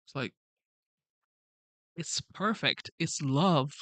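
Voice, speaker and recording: This fairly high, sharp-toned voice is very animated yet slow, with frequent pauses and no echo. It belongs to an immigrant man, not a native English speaker, who hosts a casual livestream and reads the live chat, pleading earnestly and repeating himself.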